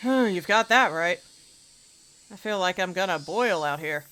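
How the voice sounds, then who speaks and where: A smarmy older landlord, as a woman streamer reads him out while playing a visual novel. The delivery is unhurried and easygoing, a little creepy in its charm, sitting low in the reader's own fairly low voice. A faint background hum sits underneath. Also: expressive, fairly bright tone. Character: older man, a sleazy landlord.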